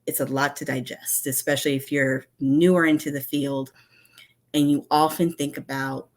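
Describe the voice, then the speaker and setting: A woman with a strikingly deep, low voice gives a conference talk from her home. She speaks candidly and conversationally, weaving personal stories into advice for her listeners. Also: little pitch movement, normal speed, darkish tone. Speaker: conference speaker, instructional designer.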